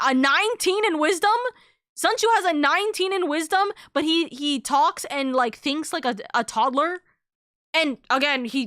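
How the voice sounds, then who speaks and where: A woman's voice: high voice, fairly bright tone, dry recording, studio quality. A young adult woman streaming a game, chatting casually in a bubbly, rambling way and correcting herself often. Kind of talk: casual live-stream chat.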